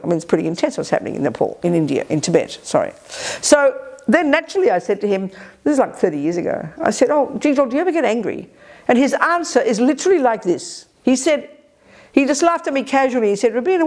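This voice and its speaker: A woman teaching at a Buddhist retreat. She talks in a sharp, energetic, emphatic way and often breaks off to restart her sentences. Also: medium pitch. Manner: quick restarts and self-corrections. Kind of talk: retreat dharma talk. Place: retreat center.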